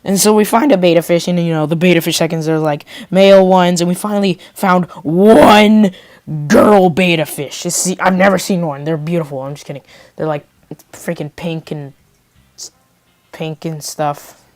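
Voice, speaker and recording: Woman, casual storytime vlog, rambling, filler-heavy, joking asides, lowish pitch. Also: moderate pace, darkish tone, no echo. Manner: rambling, full of "like" and joke asides. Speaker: vlogger.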